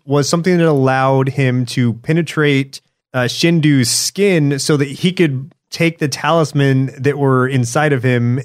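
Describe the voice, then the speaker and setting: Easygoing male podcast co-host. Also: mid-range voice. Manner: easygoing, explains plot details, quick asides. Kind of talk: casual chat.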